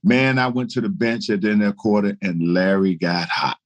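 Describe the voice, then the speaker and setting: An older man tells stories in casual conversation. He is animated and laughs easily. His voice sits a little low. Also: fairly quick. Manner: animated storyteller, laughing through anecdotes. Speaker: guest, retired basketball player. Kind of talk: casual storytelling chat.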